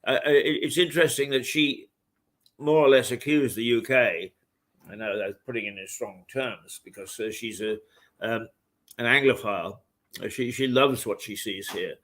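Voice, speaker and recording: A man hosting a morning talk show from a hotel, rambling and halting with many fillers. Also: medium pitch, a bit bright. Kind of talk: casual chat. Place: hotel room.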